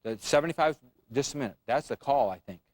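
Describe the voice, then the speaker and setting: A man's voice: mid-range voice, expressive, quick pace, dry recording. A man teaching an options trading class, quizzing the room with frequent questions. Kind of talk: classroom lecture.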